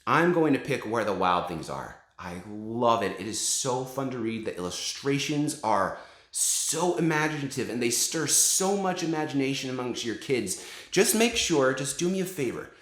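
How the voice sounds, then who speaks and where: A man in his forties talks up favorite children's books in an eager, encouraging way. His pitch jumps around lively. A roomy echo hangs on his voice. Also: normal speed. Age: 40s. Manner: enthusiastic, encouraging. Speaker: book recommender, father. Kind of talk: casual book recommendations to camera.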